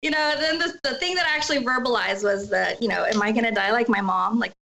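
A woman's voice: a little high, quick pace, gravelly, crowd noise, rough recording. A middle-aged woman candidly telling a personal story as an interview guest, acting out what others said in emotional retellings. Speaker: guest sharing her story.

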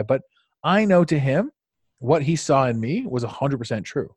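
A man's voice: mid-range voice, very animated, normal speed, darkish tone, slightly rough, dry recording. A male podcast host in casual conversation who rambles, swears freely and laughs often, with frequent restarts.

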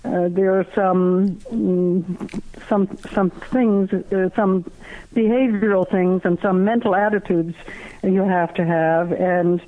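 A guest author answering interview questions in a halting way, with many pauses and restarts, heard over a phone line. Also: medium pitch, fairly even intonation.

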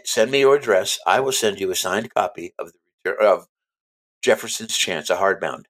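A man's voice: low-pitched, normal speed, fairly bright tone. A man being interviewed as an author, talking in a chatty, emphatic way and often repeating himself. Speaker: author guest. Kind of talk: casual interview chat.

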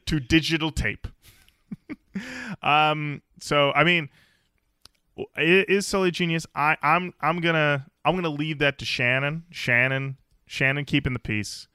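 A man's voice: on the high side, steady tone, unhurried, bright, forceful tone, clean tone, no room sound, studio quality. A man co-hosting a podcast in casual chat, rambling with fillers and restarts. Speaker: podcast co-host.

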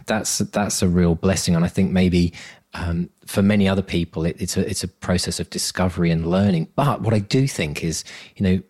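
A man co-hosting a podcast with a fairly low voice. He is chatty and teasing, fond of drifting into anecdotes. His delivery stays loose and conversational. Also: moderate pace, darkish tone. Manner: chatty and teasing, prone to storytelling. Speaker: podcast co-host. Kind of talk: casual conversation.

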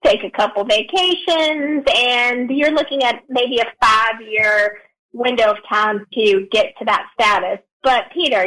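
High-voiced woman co-hosting with playful banter. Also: fairly bright tone, rough recording. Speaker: podcast co-host. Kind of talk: casual chat.

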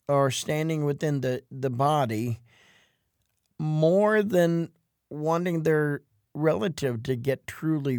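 A man co-hosting a religious talk show, speaking thoughtfully and haltingly, with many restarts and "you know"s. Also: on the high side, a little mellow, no echo, studio quality. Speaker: co-host. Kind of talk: casual religious discussion.

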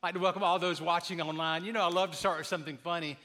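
A man with a high, bright voice delivers a sermon from a church sanctuary. He moves between easy storytelling and emphatic, rising declarations of faith. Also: fairly even intonation, very fast. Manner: warm storytelling, builds to emphatic preaching. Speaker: pastor. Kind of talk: sermon with jokes.

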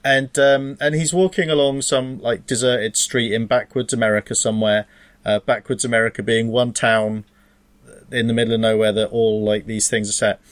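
A man's voice: medium pitch, steady tone, moderate pace. Rambling man telling a joke. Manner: rambling, self-interrupting storyteller with stray laughs. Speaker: podcast co-host. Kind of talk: casual chat, joke telling.

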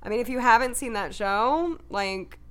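A woman's voice: on the high side, expressive, moderate pace, crowd noise. A young adult woman co-hosting a podcast, talking casually in an enthusiastic, emphatic way. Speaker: podcast co-host. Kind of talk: casual chat.

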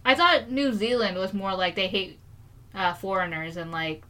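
Bright, animated young American woman. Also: normal speed. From United States. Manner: animated, acts out quoted lines with exaggerated pitch jumps. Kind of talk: casual chat.

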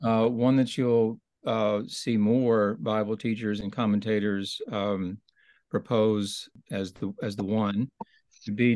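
A man's voice: on the low side, level tone, slow pace, darkish tone, no echo. A man teaching in a conversational Bible study discussion, thoughtful and explanatory, often restarting his sentences.

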